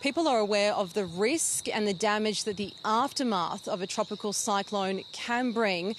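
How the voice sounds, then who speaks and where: A woman's voice: mid-range voice, normal speed, slight background noise. An Australian woman reporting live from an outdoor site, earnest and conversational. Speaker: field reporter. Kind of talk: live cross from the field.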